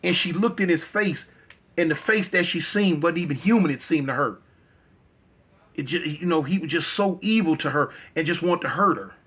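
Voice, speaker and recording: A man's voice: on the high side, lively intonation, normal speed, a bit bright, slightly rough. A male storyteller telling a dramatic tale in a conversational, repetitive way.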